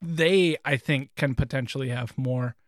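A man co-hosting a podcast in casual chat, joking and talking with high energy. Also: unhurried, dry recording, clean studio sound. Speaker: podcast co-host.

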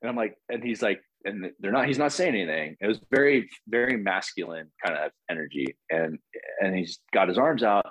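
Young man, very low voice, relaxed rambling storyteller, dry sound. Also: brisk, slightly rough, dry recording. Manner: loose, rambling, full of fillers and swearing. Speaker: podcast guest. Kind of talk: casual storytelling.

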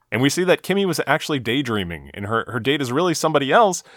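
A man's voice: medium pitch, fairly bright tone, no room sound, clean studio sound. A man co-hosting a podcast, recapping a TV episode in casual chat with a wry, chuckling manner and frequent fillers.

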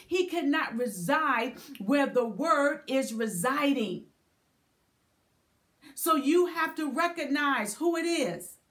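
A woman preaching a sermon in a measured, repetitive way, breaking into spoken prayer. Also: sits high.

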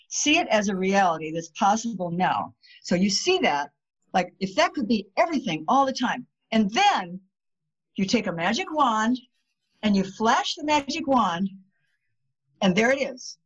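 A woman guests on a podcast, chatting casually about spirituality and telling stories in which she acts out the voices of the people involved. Her voice is medium-pitched with a breathy edge, and the recording sounds dull and lo-fi.

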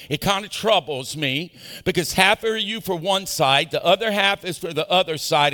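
A male pastor preaching an animated sermon, calling on the congregation to answer back. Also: high voice. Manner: animated preaching with call-and-response. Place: large church auditorium. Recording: echoey church hall.

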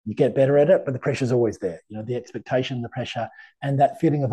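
A man's voice: medium pitch, fast, warm tone, breathy edge. A middle-aged man, a tarot reader guesting on an interview, talking in a chatty, anecdotal way with many fillers. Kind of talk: casual interview conversation.

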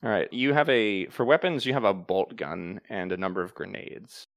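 Gravelly, lowish male game master; calm, matter-of-fact rules talk, dry close sound. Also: moderate pace, dry recording. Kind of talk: narrating a tabletop game.

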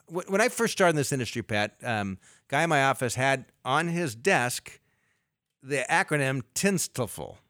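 A middle-aged man, a financial advisor, explaining investing on a radio talk show in a lively way with everyday analogies. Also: medium pitch, a little slow, no room sound, clean studio sound.

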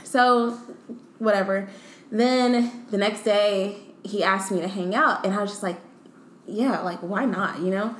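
A woman's voice: medium pitch, unhurried. A young woman in casual chat as co-host, telling a dating story and filling her talk with "like". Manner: chatty, many "like" fillers. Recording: echoey room, faint background noise.

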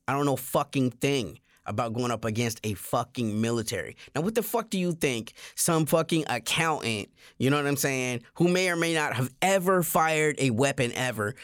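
A man's voice: medium pitch, no room sound, studio quality. A man, co-hosting a podcast, talking bluntly and profanely in heated political chat. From American South. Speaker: podcast co-host. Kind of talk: heated casual political discussion.

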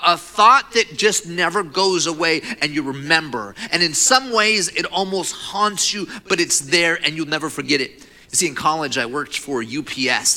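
A young man preaching a sermon, leading a prayer and telling a personal story with rising passion. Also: a little high. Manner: impassioned, rising to near-shouts for emphasis. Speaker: pastor.

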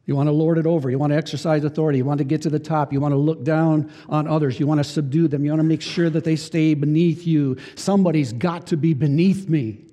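A man with a notably high voice preaches a sermon, hammering on key phrases and firing rhetorical questions at his listeners. His words ring out with a long reverb, as if in a large hall. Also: steady tone, quick pace, few pauses, warm tone. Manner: emphatic, repeats key phrases and asks the congregation rhetorical questions. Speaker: pastor.

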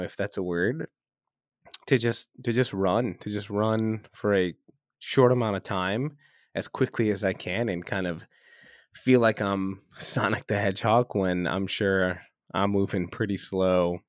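Low-voiced man rambling on a podcast. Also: no room sound, studio quality. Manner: loose and chatty, many fillers and restarts, laughs at himself. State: slightly stuffy, clearing his throat. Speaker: podcast host. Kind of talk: casual rambling podcast monologue. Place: windowless hotel room.

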